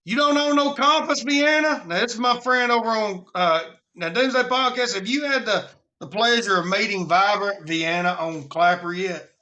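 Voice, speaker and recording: Bright, high Alabama drawl. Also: male voice, moderate pace, few pauses, lo-fi sound. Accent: Southern US, Alabama. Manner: folksy, rambling, chatty. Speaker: host of a live preparedness stream. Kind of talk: casual live-stream chat.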